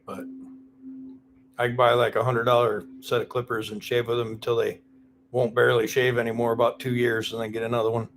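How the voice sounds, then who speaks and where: A man hosts an unplanned live stream in a loose, rambling way. He greets viewers by name and teases them, and his voice sits at an ordinary middle pitch. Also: level tone, fairly quick, a little hiss or hum. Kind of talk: casual live-stream chat.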